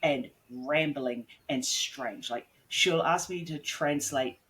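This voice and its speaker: A guest author and editor, a man whose first language is English, speaks bluntly and swears freely in a casual podcast interview. He rambles with lots of "like" while explaining his work. His voice is a little high, slow and sharp-toned.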